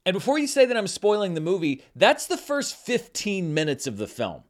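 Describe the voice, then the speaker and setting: A man delivering a scripted film review in an animated, wry and incredulous manner. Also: high-pitched, fairly quick. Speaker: film critic.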